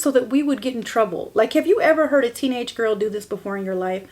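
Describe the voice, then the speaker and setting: A woman's voice: quick pace, few pauses. A woman hosting a podcast and telling a personal story candidly, often laughing through painful memories and speaking straight to her listeners. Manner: shifts between soft, hushed lines and bursts of higher, louder emphasis. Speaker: podcast host.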